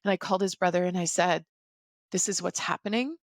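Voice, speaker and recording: A woman in her forties, a podcast guest, recounting a personal story in a measured, reflective way. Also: lowish voice, dry recording, studio quality.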